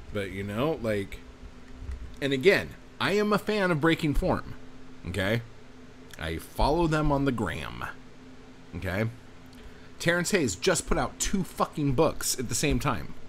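Animated, swearing male podcast host. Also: mid-range voice, a little hiss or hum. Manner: profane, emphatic, self-mocking. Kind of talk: casual ranting commentary.

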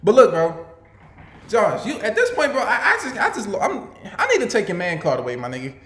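A young man reacting out loud to a video, his voice high and swinging all over the place. He laughs, swears and trips over repeated words. His voice carries a roomy echo. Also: huge pitch swings, fairly quick. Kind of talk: casual reaction commentary.

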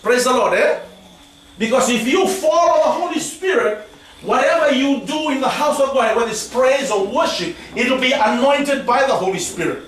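High-voiced preacher in an echoey hall. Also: male voice, normal speed, slight background noise. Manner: animated preaching, mixes in local language, asks "amen?" often. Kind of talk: sermon. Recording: echoey hall, from far off, faint ambience.

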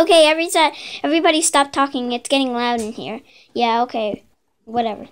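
A woman's voice: sits high, animated, normal speed. A woman improvising a playful, bickering skit, voicing a group of plush toys herself. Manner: playful, bickering, childlike banter.

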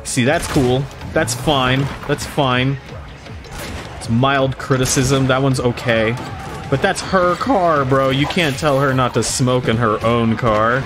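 A man giving casual, profane, excitable commentary while playing a video game. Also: mid-range voice, takes it slowly, over music. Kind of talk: casual let's-play commentary. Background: game soundtrack and sound effects.

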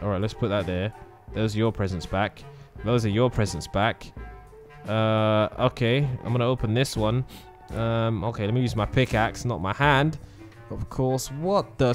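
Man, mid-pitched gaming host, excitable let's-play narrator with light music underneath. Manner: excitable, exclaiming often, thinking aloud. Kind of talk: let's-play gameplay commentary.

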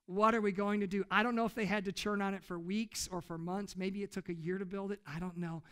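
A man's voice: high-pitched, fairly even intonation, brisk, fairly bright tone, smooth. A man preaching a sermon in church as pastor, retelling a story emphatically and putting questions to the congregation. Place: church service.

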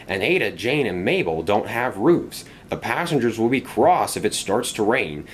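A man voicing a sensible, cautious male engine who talks calmly and practically, in a storybook tale. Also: fairly low pitch, normal speed, slight background noise.

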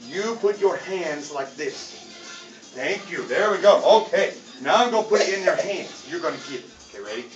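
A man's voice: fairly high pitch, a bit bright, highs cut off. A man teaching children as a martial arts instructor at a belt test, playful and encouraging, talking simply to kids in a studio. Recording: echoey room from far away with music.

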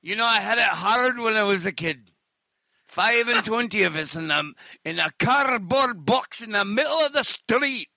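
Guy putting on a scottish accent, bouncy pitch, gravelly, dry close mic. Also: animated, moderate pace, sharp tone, no echo, full character voice. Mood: mock-grim.

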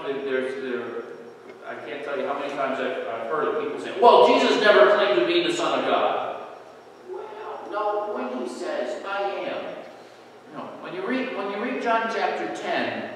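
High-voiced pastor in an echoey church. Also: male voice, animated, moderate pace, background noise. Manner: conversational preaching, drops to a low murmur in asides. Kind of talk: sermon. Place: church sanctuary. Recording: echoey hall from far off.

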